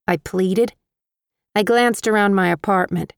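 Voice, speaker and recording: A woman reads a first-person audiobook in a wry, measured way at an unhurried pace. Her voice is smooth and clear, recorded dry and close in a booth. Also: on the low side, dry recording. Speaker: audiobook narrator.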